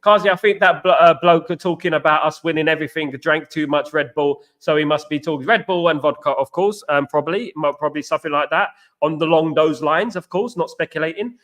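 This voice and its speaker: A man's voice: a little high, brisk, fairly bright tone. A man hosting a football live stream, chatting with viewers, greeting them by name and leaning on stock phrases. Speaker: football channel host. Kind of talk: live stream chat answering viewer comments.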